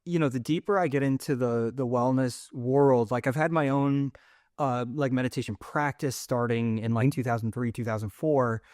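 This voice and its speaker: A middle-aged man in the host's chair, feeling his way through long thoughts with lots of likes and restarts. His voice sits in a middle pitch and is recorded dry and close, with no room sound. He talks in an easy, casual way. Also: steady tone, moderate pace, darkish tone, no room sound. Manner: rambling, searching for words with many fillers and restarts. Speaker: podcast host. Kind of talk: casual conversational interview.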